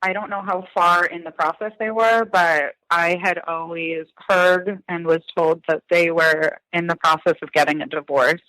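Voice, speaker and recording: A man's voice: on the high side, steady tone, normal speed, few pauses, bright, forceful tone, no echo, low-quality recording. A man in his thirties from Massachusetts, talking reflectively in a podcast interview with many ums and likes. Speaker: guest, son of a crime victim.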